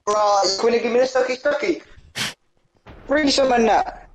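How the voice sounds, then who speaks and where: A man's voice: extremely high pitch, a little slow. A young man, talking into a phone in street slang, flipping between pleading and acting tough in a comic prank skit. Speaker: prankster answering calls.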